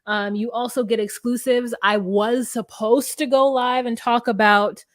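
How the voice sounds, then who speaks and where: A woman's voice: fairly high pitch, fairly even intonation, unhurried, no echo. Candid young woman co-hosting, dry sound. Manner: candid, profane, quotes people in voices. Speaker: podcast co-host. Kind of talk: casual recap chat.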